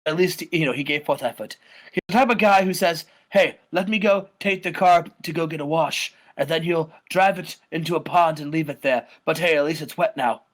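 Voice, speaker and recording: A man's voice: a little high, a little fast, natural voice. A man voicing an exasperated male wrestler ranting about his tag partner in a game playthrough.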